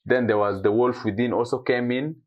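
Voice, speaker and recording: A man's voice: mid-range voice, fairly even intonation, brisk, dull audio, slight background noise. A young man from Eastern Uganda, a guest actor telling stories in a casual podcast chat and acting out what others said. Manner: storytelling, acts out quotes, restarts often.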